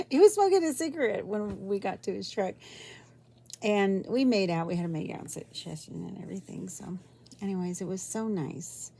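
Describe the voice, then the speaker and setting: A woman tells a personal story in a vlog. Her voice is mellow and soft, and she rambles and halts with many restarts. At times she drops to an emotional near-whisper, with a faint hiss of noise behind her. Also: medium pitch. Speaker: vlogger.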